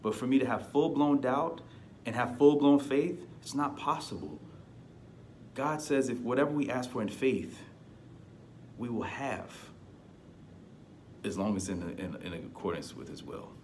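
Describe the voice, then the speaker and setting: A man's voice: mid-range voice, measured pace, pauses often, darkish tone, a little hiss or hum. A man giving an earnest, conversational devotional teaching, lifting his voice to stress key points. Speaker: preacher.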